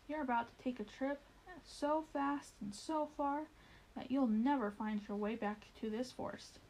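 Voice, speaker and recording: A woman's voice: high voice, fairly even intonation, a little slow, a little mellow, rough recording. A woman voicing a smug, greedy male mole villain in a storybook reading, talking with his mouth full and snarling.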